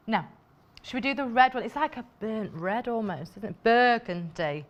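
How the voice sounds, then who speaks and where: A British woman presents fabrics live on a shopping channel, her fairly high voice expressive and her pace normal. She's chatty and enthusiastic, dropping plenty of fillers and asides to her crew, and the recording's high frequencies are cut off.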